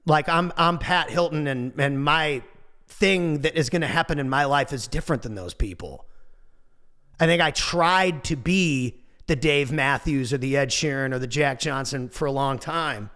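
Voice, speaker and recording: Casting: man in his 40s, high-pitched, loose motivational talker with a goofy streak. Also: moderate pace. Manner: animated, goofy, swears casually. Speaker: motivational speaker. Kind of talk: motivational monologue.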